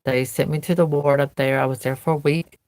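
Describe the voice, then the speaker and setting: A woman's voice: deep voice, steady tone, a little fast, a little mellow, dry recording. A woman vlogger earnestly recounting a painful memory, telling it in vivid present tense. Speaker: doll collector vlogger. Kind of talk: personal storytelling to camera.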